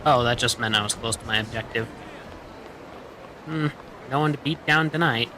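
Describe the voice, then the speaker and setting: A man's voice: medium pitch, moderate pace, noisy background. A man streaming a video game, chatting casually and joking as he plays. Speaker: VTuber streamer. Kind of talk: casual gameplay commentary.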